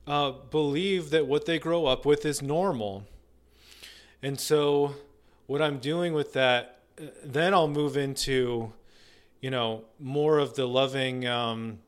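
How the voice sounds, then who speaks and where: A man working as a couples therapist, earnestly explaining his approach with frequent ums and restarts. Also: medium pitch.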